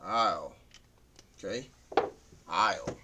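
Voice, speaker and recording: A man's voice: low-pitched, very slow, creaky, background noise. A man teaching a beginner language class, sounding out words syllable by syllable and repeating them as he writes on a board. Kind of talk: classroom lesson at a whiteboard.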